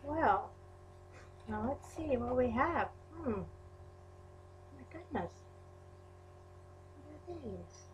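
A woman's voice: high-pitched, expressive, takes it slowly, long pauses, a little hiss or hum, low-quality recording. A woman unboxing a crafting package in a vlog, gushing and exclaiming over each item. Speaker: crafting YouTuber. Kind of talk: unboxing a mail package on camera.

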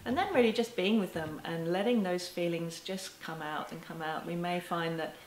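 A woman teaching parents to camera in a gentle, reassuring way, now and then with a soft laugh. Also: lowish voice, normal speed, slight background noise. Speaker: parenting educator. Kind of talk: talking to camera. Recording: echoey room with faint ambience.

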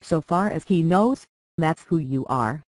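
A reader voicing a calm, calculating middle-aged lord who speaks in measured, persuasive tones, in an audiobook. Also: mid-range voice, no echo, close to an everyday voice, poor audio. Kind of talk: audiobook character reading.

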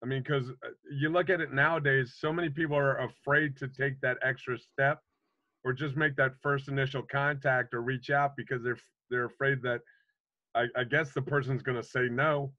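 A man's voice: mid-range voice, fairly even intonation, moderate pace, sharp tone, no room sound, highs cut off. A man hosting a podcast, chatting casually and asking his guest questions with an easy laugh. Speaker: podcast host. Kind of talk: casual interview chat.

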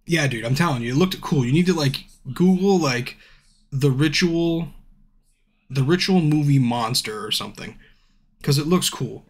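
A man streaming casually, rambling through a profane movie recap and acting out scenes in hushed asides. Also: on the high side, expressive, moderate pace.

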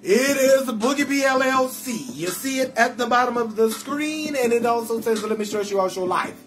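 A man riffs loudly and playfully, greeting viewers in a rambling, sing-song patter. He hosts a casual live stream from his bed at home, with faint music playing behind him. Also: very high voice, animated, moderate pace. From New Orleans. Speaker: comedian hosting a live call-in show.

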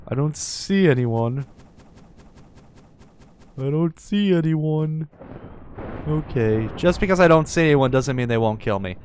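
A man giving casual gameplay commentary, excitable and panicky, with dramatic pleading and sarcastic, mock-indifferent asides. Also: fairly high pitch, a little hiss or hum. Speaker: gaming YouTuber.

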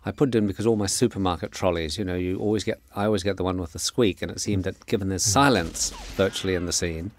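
A middle-aged man giving a relaxed, anecdotal film commentary as the director, with frequent fillers. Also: deep voice, fast, few pauses, dry recording. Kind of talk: DVD audio commentary.

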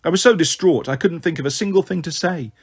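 A man reading a children's novel aloud in a measured, earnest storytelling manner. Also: on the high side, breathy edge. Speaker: audiobook reader. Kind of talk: scripted narration of a children's novel.

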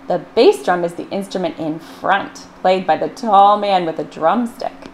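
A woman librarian reads a picture book aloud at storytime, playfully acting out the sound words with big vocal swings. Her voice is on the low side and a little mellow, at a measured pace with few pauses, over a slight hiss or hum.

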